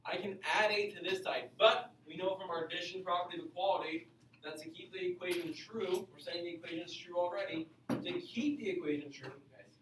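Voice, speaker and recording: An energetic man teaches an algebra lesson, firing questions at his students and repeating his points. His voice sits a little high. He is recorded from across an echoey classroom with faint noise underneath. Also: fairly quick, recorded from a distance. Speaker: math teacher. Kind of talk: classroom lecture.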